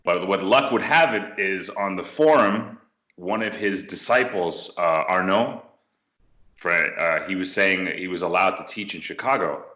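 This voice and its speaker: A man from the United States telling a martial arts story in an interview, animated and acting out what people said. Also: low voice, normal speed. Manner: animated storyteller, acts out quotes. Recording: roomy echo.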